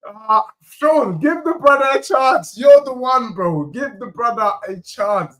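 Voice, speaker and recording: High-pitched bright man, fired-up banter. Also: expressive. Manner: heated, teasing, rapid-fire banter with repeated jabs. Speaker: football fan channel host. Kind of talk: animated live fan chat reacting to viewers.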